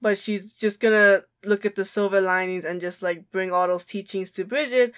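A woman's voice: medium pitch, steady tone, moderate pace, smooth. A young woman chats casually as a podcast co-host in a mid-range voice. She is blunt and dismissive, peppering her speech with "like." She laughs easily between her points. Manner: blunt, laughs often, uses "like" a lot. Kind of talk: casual chat about video games.

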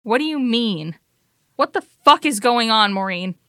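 A woman's voice: medium pitch, normal speed, bright, forceful tone, no room sound, clean studio sound, natural voice. A woman voicing a guarded, tough young woman in a tabletop game, blunt and confrontational, with some swearing.

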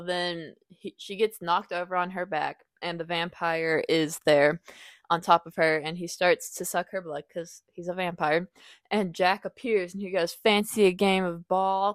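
A woman's voice: a bit bright, no room sound. A young woman hosting a casual podcast book review, rambling and correcting herself as she retells the plot. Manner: rambling, self-correcting, acts out quoted lines in a higher voice.

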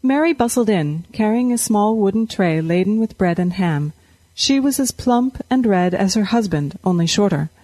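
A woman narrating a fiction story in a steady storytelling manner on a close studio mic. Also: mid-range voice, moderate pace, no room sound. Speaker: audiobook narrator.

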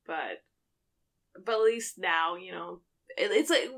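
A woman co-hosting a book podcast in casual chat, laughing often and filling pauses with "uh" and "like". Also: fairly low pitch, lively intonation, creaky, fairly bright tone. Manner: chatty, laughs often, trailing fillers.

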